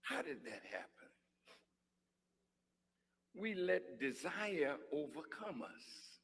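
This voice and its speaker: A man preaching a sermon, teasing and conversational, dropping to hushed asides and then rising to shouts. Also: a little high, very animated, slow, breathy edge. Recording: long hall reverb.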